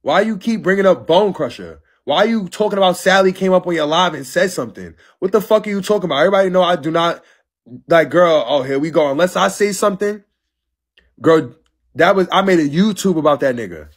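A brash young man in his twenties goes off on a live stream, sassy and profane. His voice sits fairly high with a husky, breathy edge. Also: animated, brisk. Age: 20s. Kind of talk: casual live-stream rant.

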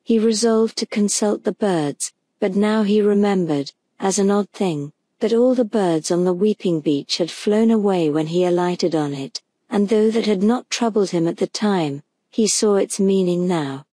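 A woman narrating a gentle bedtime story for sleep, slow and soothing. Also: mid-range voice, no echo. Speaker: audiobook narrator.

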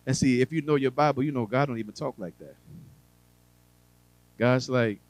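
In a low-quality, dry recording, a male preacher with a mid-range voice speaks to his congregation. His sermon is chatty and funny, with asides, and he shifts between quiet, lingering phrases and loud emphatic moments.

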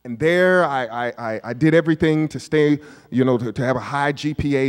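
A man, a pastor preaching a storytelling sermon, moving from hushed asides to shouted peaks. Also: mid-range voice, fairly quick, few pauses. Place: church sanctuary. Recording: long hall reverb of a church.

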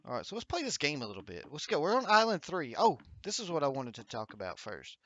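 A man's voice: a little high, huge pitch swings, fast talker, fairly bright tone, no room sound, dull audio. A man hosting a gaming livestream at home, chatting upbeat and encouraging while reading viewer comments aloud. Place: home streaming setup with green screen.

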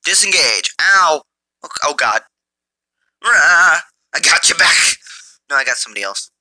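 A man giving mobile gameplay commentary through a phone's built-in mic, excitable and jokey, taunting his enemies. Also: fairly high pitch, a little slow, dry recording. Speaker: gamer.

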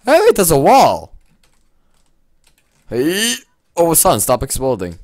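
A man doing gaming commentary, excitable, yelping and shouting at what happens in the game. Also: on the high side, moderate pace, slight background noise. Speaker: let's play gamer.

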